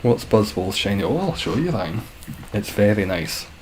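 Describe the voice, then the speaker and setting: A man's voice: lowish voice, very animated, normal speed, a little hiss or hum, low-quality recording. A young man streaming a game, chatting casually with viewers in a rambling, self-deprecating way.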